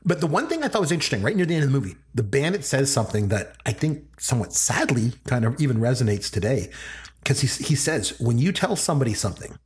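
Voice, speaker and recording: A middle-aged man co-hosting a casual movie podcast, talking in an animated way and quoting lines in character. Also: mid-range voice, quick pace. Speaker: podcast co-host.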